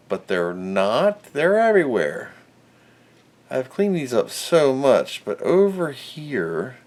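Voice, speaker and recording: A man hosting his own electronics repair videos, talking casually and self-mockingly as he works at a repair bench. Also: mid-range voice. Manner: rambling, self-mocking, mutters while working. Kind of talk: casual workbench narration.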